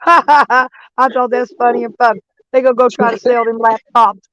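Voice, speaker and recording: A woman's voice: fairly high pitch, level tone, normal speed, fairly bright tone, no room sound, poor audio. A woman hosting a casual livestream chat from her van, blunt and crude, laughing often. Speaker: livestream host.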